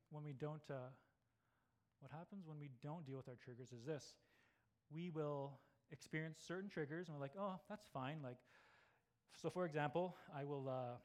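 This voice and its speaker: A man's voice: on the high side, darkish tone. A middle-aged man preaching a sermon in a conversational way, often tagging lines with "right?" and acting out inner voices. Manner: conversational, frequent "right?" tag questions, acts out inner voices. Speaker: pastor.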